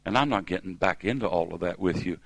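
A man's voice: low voice, fast, creaky, no room sound, rough recording. A middle-aged man preaching a sermon in a church service, emphatic and calling on the congregation to respond.

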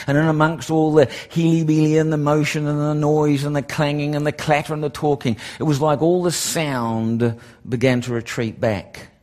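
A middle-aged man telling a testimony in a sermon, animated and repetitive, building to excited emphasis. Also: on the high side, normal speed. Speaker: preacher.

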